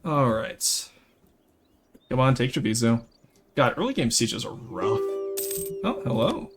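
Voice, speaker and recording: A man's voice: medium pitch, takes it slowly, soft background music. A young man from rural Canada, giving live gameplay commentary and chatting with viewers. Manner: lively, chats with viewers while playing. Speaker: streamer.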